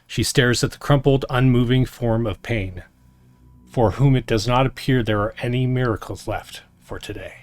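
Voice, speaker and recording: A man hosting and narrating a solo tabletop game on a stream in a slow, deliberate storytelling voice. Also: medium pitch, dry recording, faint music behind. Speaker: game master and host.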